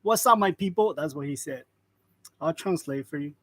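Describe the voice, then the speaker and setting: A man in his forties chats casually on a live stream, calling out viewers by name and laughing lightly as he goes. His voice sits fairly high for a man. The sound is dry and close, as from a clip-on mic. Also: expressive, moderate pace, fairly bright tone, no room sound. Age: 40s. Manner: greets viewers by name, chuckles often. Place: print shop. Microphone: wireless lavalier.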